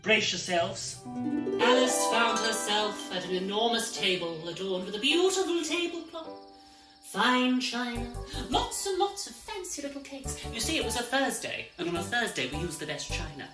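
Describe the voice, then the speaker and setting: A woman's voice: on the high side, sing-song, moderate pace. A woman telling an interactive children's story in a playful, theatrical way, often addressing the listener directly. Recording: roomy echo with music behind.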